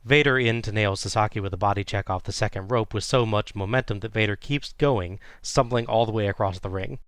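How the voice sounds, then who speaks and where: A man co-hosting a podcast, retelling a wrestling match play by play in a steady, casual way. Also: fairly low pitch, a little fast, smooth, no echo, clean studio sound. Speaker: podcast co-host recapping wrestling. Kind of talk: casual recap narration.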